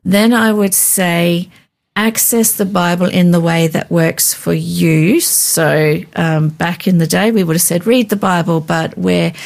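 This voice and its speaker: A woman leads a devotional teaching chat, explaining steps patiently and often pausing on filler sounds. Her voice sits low and carries a gravelly fry at the edges. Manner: calm, instructive, with frequent filler sounds.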